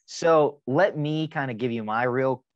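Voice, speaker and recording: A man in a casual car chat, telling stories in a relaxed way. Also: medium pitch, a little slow, muffled recording.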